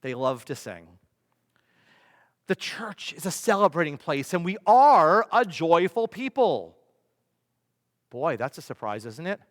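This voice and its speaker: A man, a pastor, preaching a sermon with emphatic delivery, rhetorical questions and swings between loud and soft. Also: fairly high pitch, sing-song, measured pace, pauses often. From United States. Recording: long reverb of a large hall.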